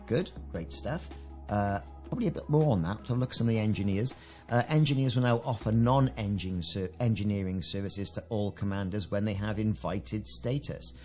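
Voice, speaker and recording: A British man with a fairly low voice talks through a game update in a relaxed, chatty way. He drops enthusiastic little comments between the notes he reads out, and soft music plays quietly in the background. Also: brisk. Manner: chatty, enthusiastic asides while reading patch notes. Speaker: gaming video creator.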